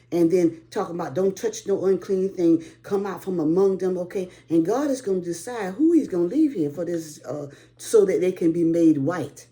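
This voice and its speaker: A woman's voice: lowish voice, mellow. A woman, preaching on a prayer call and singing hymn lines, near tears at times, in short bursts with many "okay?".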